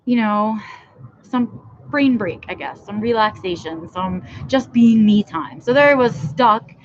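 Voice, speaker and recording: A woman's voice: medium pitch, animated, measured pace, highs cut off, a little hiss or hum. A woman hosting her own live stream outdoors, chatting casually and rambling with lots of fillers while feeling cold. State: cold, shivering. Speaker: vlog host. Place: outdoors in a backyard.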